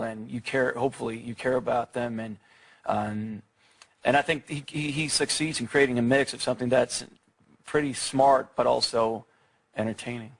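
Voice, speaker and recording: A Swedish-speaking actor in his thirties answers questions in a TV studio interview. He sounds hesitant, filling his speech with fillers and restarts, in a gravelly, medium-pitched voice.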